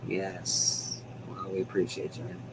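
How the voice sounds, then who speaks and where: A man's voice: low voice, monotone, measured pace, breathy edge, low-quality recording. A man hosting a casual livestream chat from home, rambling, laughing often and swearing now and then. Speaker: livestream host.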